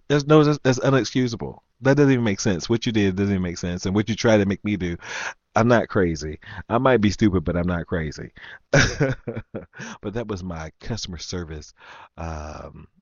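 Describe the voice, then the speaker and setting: A man's voice: fairly low pitch, darkish tone, no echo, dull audio. A man hosting a live chat stream, telling a story in a casual rant, laughing often and trailing off with ums.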